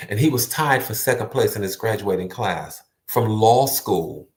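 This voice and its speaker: A man's voice: lowish voice, animated, moderate pace, a little mellow. A man giving an earnest, emphatic motivational talk to the viewer, repeating words for stress. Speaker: motivational speaker. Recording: roomy echo.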